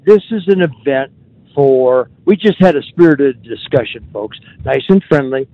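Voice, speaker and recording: A male radio host chats casually in a folksy, rambling way, often pausing on fillers. His voice sits a bit high for a man and sounds close and dry in the studio. The sound is slightly muffled. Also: no room sound. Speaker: radio talk show host. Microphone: studio microphone.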